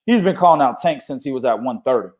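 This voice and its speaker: A man's voice: mid-range voice, animated, fast, a little mellow. A young man hosting a casual boxing talk show, swearing freely and laughing often as he argues his points. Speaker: boxing podcast host.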